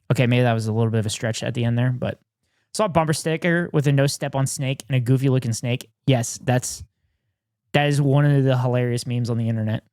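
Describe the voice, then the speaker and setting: A man's voice: medium pitch, fast talker, darkish tone, no room sound, clean studio sound. A man streaming from home, reacting to videos in casual chat, swearing freely and telling stories. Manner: profane, riffing and storytelling.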